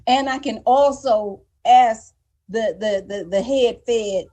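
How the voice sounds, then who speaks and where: Her voice is a little high and mellow, and she takes her time. As a guest on a live talk show, she shares her story with earnest emotion, frequently restarting sentences and repeating words in a candid exchange.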